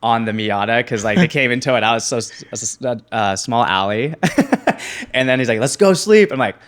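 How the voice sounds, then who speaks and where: A man's voice: medium pitch, brisk, smooth. Laughing young man telling a story. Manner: animated, laughs often, acts out quoted voices. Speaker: guest. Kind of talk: casual storytelling interview.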